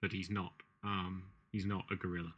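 A man's voice: deep voice, little pitch movement, normal speed, fairly bright tone, breathy edge, dull audio. A man in casual podcast chat, making wry, dry remarks.

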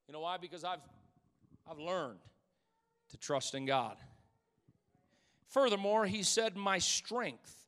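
A man preaching a sermon as pastor in a church, swinging between loud exclamations and hushed asides and calling out to the congregation. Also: high-pitched, lively intonation, slow pace, long pauses. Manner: calls out to the congregation. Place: church sanctuary. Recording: long church hall reverb.

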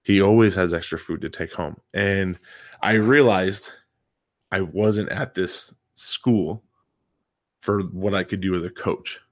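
A man with a fairly low voice co-hosts a casual podcast and tells a long story in the easy talk of a coach and PE teacher. He talks with emphasis and often doubles words to press a point. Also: fairly even intonation, slow. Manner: emphatic, repeats words for stress.

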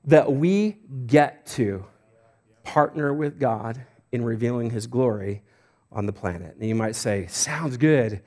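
A man's voice: mid-range voice, unhurried, dark tone. Chatty self-deprecating male preacher. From Idaho, United States. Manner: conversational preaching with restarts and self-deprecating jokes. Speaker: pastor. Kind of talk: sermon.

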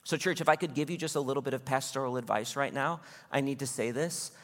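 A man preaching a sermon as pastor, earnest and exhorting in quick bursts. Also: medium pitch, fairly bright tone, big-room sound.

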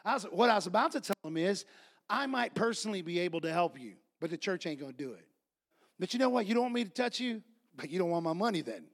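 A male pastor preaching a sermon, reading scripture and telling stories, building to loud shouts. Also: sits high, lively intonation, fast talker.

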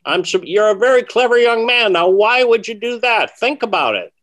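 A man imitating his older mentor, a patient magic teacher who gently scolds a young student in a raised, drawn-out voice. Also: high-pitched, lively intonation, voice pushed up. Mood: chiding.

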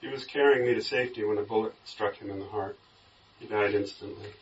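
A man's voice: fairly low pitch, fairly even intonation, fairly quick, slight background noise, lightly acted. A man reading aloud the lines of a humble, grateful young soldier, speaking politely and earnestly, recorded from a distance with a dull sound.

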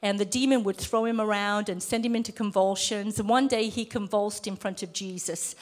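A middle-aged woman preaching a sermon in a church room, lively and emphatic as she quotes scripture. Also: medium pitch, normal speed. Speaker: lay preacher.

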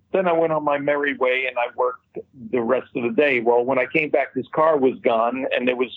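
A man tells a long story in a relaxed, chatty way and drops casual swears along the way. His voice is husky and dry. It comes through a slightly dull, muffled line. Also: medium pitch, moderate pace, dry recording. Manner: chatty storyteller, swears freely, laughs at his own punchlines. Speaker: guest telling a story. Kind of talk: casual anecdote over a call.

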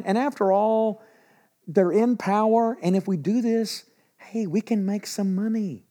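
In a Texas church, a pastor with a voice high for a man delivers a sermon as a folksy, lively story at a measured pace. He adds asides, gets laughs, and acts out quotes as he goes.

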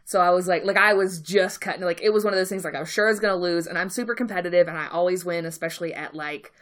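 A young woman co-hosting a podcast, telling a story in casual chat, swearing freely and getting loud and laughing as she gets worked up. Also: on the low side, racing. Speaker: podcast co-host.

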